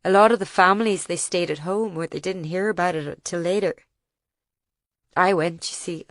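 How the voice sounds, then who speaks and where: A woman reading as a grieving older male farmer who tells of a bombing, in plain, halting dialect. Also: on the low side, no echo, clean studio sound, lightly acted. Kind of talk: audiobook reading.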